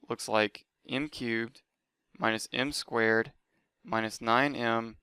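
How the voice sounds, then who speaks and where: A man with a bright, crisp and very clear voice, explaining a lesson step by step. He talks in a patient, methodical way, recorded close and dry with no room sound. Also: medium pitch, no echo. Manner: methodical, talks through each step aloud. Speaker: math teacher. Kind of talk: lecture.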